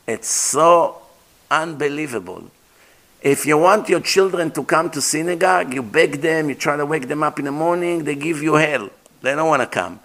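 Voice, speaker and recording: A middle-aged man giving a storytelling sermon as a rabbi, animated, acting out dialogue and mixing in Hebrew terms. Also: fairly high pitch, creaky. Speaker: rabbi lecturer.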